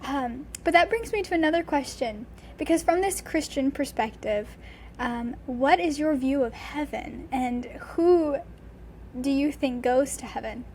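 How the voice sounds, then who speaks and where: High-voiced woman host asking questions. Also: unhurried, darkish tone, slight background noise. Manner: reflective, asks questions. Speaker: podcast host. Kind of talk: conversational interview.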